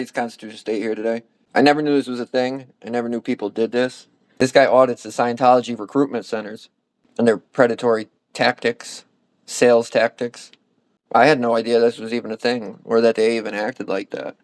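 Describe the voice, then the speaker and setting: Flat-voiced man hosting commentary. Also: medium pitch, brisk, no echo. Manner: matter-of-fact, opinionated. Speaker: channel host. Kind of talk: casual voice-over commentary.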